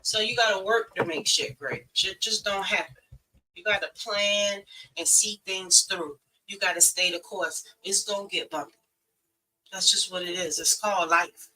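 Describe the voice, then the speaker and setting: A woman's voice: mid-range voice, steady tone, normal speed, bright, forceful tone, distant mic, slight background noise, poor audio. A woman giving blunt, preachy relationship advice in a casual live stream, talking straight to women viewers.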